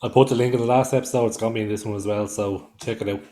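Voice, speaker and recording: A man's voice: lowish voice, fairly even intonation, racing, mellow. A man with an Irish accent, co-hosting a podcast in casual chat, blunt and swearing often. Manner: blunt, swears often, loses his thread. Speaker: podcast co-host.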